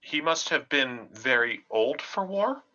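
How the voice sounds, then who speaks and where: Woman player, extremely low, dull lo-fi audio, inquisitive. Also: expressive, measured pace, bright, forceful tone. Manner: questioning, inquisitive. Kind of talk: casual tabletop role-play.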